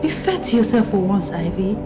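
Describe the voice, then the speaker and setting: An actress playing a caring woman who soothes and firmly encourages her friend, in film audio under loud music. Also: mid-range voice, sing-song, brisk, echoey room, natural voice. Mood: firm encouraging. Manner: soothing, then firm and encouraging.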